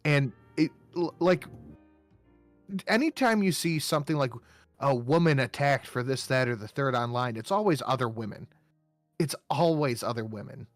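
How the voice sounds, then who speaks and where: A man's voice: mid-range voice, moderate pace, no room sound, soft background music. A man co-hosting a podcast, blunt and crude in casual banter. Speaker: podcast co-host. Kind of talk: casual chat on a livestream podcast.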